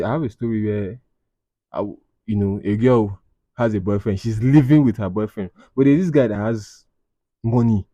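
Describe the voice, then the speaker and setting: A Nigerian man with a low, dark, mellow voice, recorded close and dry in a small room. He hosts a casual podcast and reads confessions aloud. He adds wry, teasing remarks and slips into Pidgin. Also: no echo. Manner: wry, mocking asides with Pidgin phrases. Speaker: podcast host. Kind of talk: casual commentary reading out anonymous confessions.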